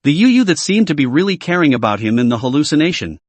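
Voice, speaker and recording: A man narrating a comic story recap in a steady storytelling way. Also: on the high side, quick pace, dry recording.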